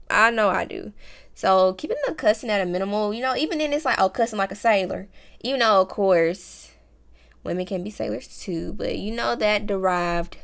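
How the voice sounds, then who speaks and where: This lifestyle vlogger is a chatty woman with a medium-pitched, gravelly voice. Giving casual advice, she fills her talk with slang and calls her viewers "y'all" and "baby."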